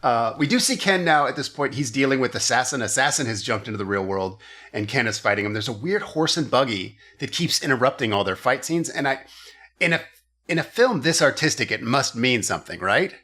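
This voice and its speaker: A man's voice: mid-range voice, lively intonation, brisk, bright, forceful tone. A man hosting a comedy podcast, recapping a movie in casual chat and briefly acting out its characters in silly voices.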